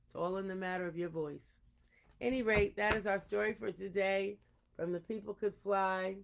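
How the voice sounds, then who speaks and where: A woman storyteller closes her read-aloud in a gentle, unhurried way. Her mid-pitched voice carries a gravelly rasp of vocal fry. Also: fairly even intonation, noisy background.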